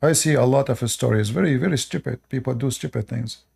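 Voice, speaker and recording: A man's voice: medium pitch, fairly quick, gravelly, a little mellow, breathy edge. A man with an Arabic accent, native Arabic speaker, hosting a live stream and lecturing his viewers in short repeated commands with broken grammar. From Middle East. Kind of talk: casual live stream monologue.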